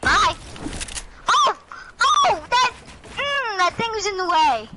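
A young woman gaming with a friend in casual chat, pleading and flustered, with quick exclamations. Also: very high voice, sing-song, bright, forceful tone. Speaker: gamer. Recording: noisy home recording.

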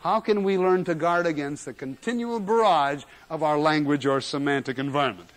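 An emphatic male lecturer with a fairly high voice, possibly older, teaching a class on general semantics. He hammers key words by repeating them. The sound is an old 1970s lecture recording. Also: a little fast.

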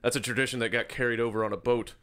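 A man's voice: mid-range voice, flat delivery, racing, fairly bright tone. A man co-hosting a podcast, trading crude teasing jokes in casual banter. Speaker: podcast co-host.

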